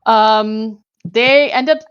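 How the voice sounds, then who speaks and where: A woman's voice: on the high side, fairly even intonation, drawn-out words, smooth, muffled recording. A woman podcast host casually recapping a horror film, talking loosely with lots of fillers and frequent laughs. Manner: chatty, many fillers like "like", laughs often. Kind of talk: casual movie recap chat.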